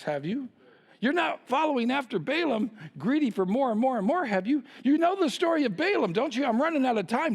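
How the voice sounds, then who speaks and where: Male pastor mid-sermon, high and animated, teasing rhetorical questions, long reverb of a large hall.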